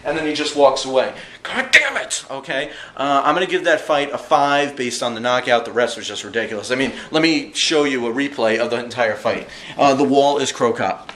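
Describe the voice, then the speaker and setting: Animated slangy man in an echoey room. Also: mid-range voice, brisk. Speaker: vlogger reviewing fight events. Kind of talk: casual fight recap vlog.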